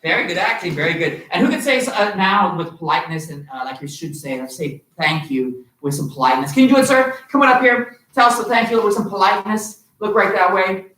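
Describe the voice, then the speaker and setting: A man's voice: sits high, lively intonation, fairly quick, hardly any pauses, pushed and bright. A man teaching children good manners as a martial arts instructor, upbeat and encouraging, leading call-and-response. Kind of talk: teaching a kids' manners class online. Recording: echoey hall, far from the mic.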